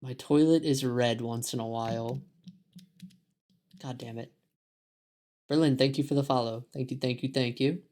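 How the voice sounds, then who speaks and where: A man's voice: mid-range voice, steady tone, moderate pace, long pauses, darkish tone. A male streamer chatting casually on a live stream, profane and sarcastic. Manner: profane, sarcastic, mocks others in put-on voices.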